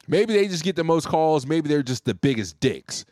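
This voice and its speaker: Animated, high-voiced man ranting about work. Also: moderate pace, no room sound, studio quality. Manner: profane, animated, joking. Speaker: telemarketer telling a work story. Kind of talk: casual storytelling rant.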